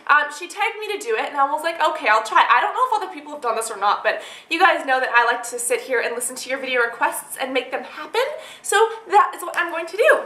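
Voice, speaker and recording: A woman's voice: high voice, lively intonation, quick pace, bright, forceful tone. A young woman vlogging casually to camera, telling a story in a bubbly, chatty way full of "like". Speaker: beauty vlogger. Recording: echoey room.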